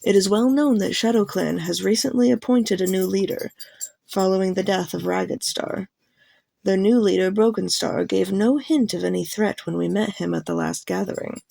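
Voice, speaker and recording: Give me a woman playing a grave she-cat clan leader addressing her clan, steady and formal, with a gravelly edge. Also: mid-range voice, normal speed, no echo. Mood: commanding. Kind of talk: audiobook character voice.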